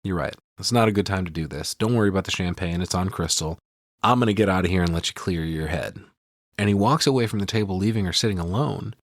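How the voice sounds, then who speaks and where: A man co-hosting a podcast, retelling a film's scenes in a profane, animated way and acting out the dialogue. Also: sits low, fast talker, no echo, studio quality. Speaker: podcast co-host. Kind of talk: casual movie recap chat.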